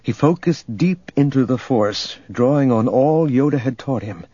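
A man reading a story aloud as narrator, in a steady, measured way. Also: mid-range voice, husky, no echo. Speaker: audiobook narrator. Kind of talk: scripted narration. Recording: dull lo-fi recording, faint music.

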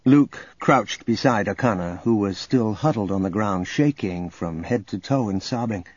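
A man narrating an audiobook in a dramatic, lively reading. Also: on the low side, normal speed, husky, dry recording. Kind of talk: scripted narration. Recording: dull audio under loud music.

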